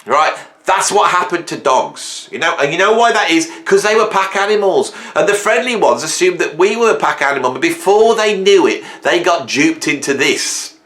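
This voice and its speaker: A chatty man talks casually to camera in a playful, rambling way. His voice is bright and swings widely in pitch, and the room gives it a clear echo. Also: animated, moderate pace, hardly any pauses, slight background noise. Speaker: music video host.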